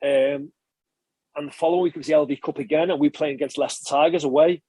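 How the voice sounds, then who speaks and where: A man, a former rugby player, telling stories in a relaxed interview and chatting casually with frequent swearing and restarts. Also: on the high side, quick pace, slightly rough, no room sound. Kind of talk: casual conversational storytelling.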